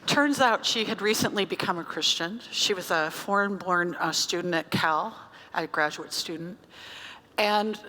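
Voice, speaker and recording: Woman pastor giving a sermon, chatty storyteller, bright voice bouncing around a big church. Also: medium pitch. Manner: conversational, animated storytelling. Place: church sanctuary. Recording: church hall reverb.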